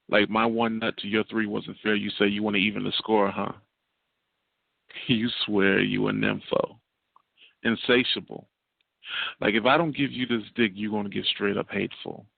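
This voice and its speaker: Man, low gravelly voice, spoken word poet, rhythmic repeating cadence, tinny dry phone line. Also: no room sound. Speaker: guest poet. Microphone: phone call.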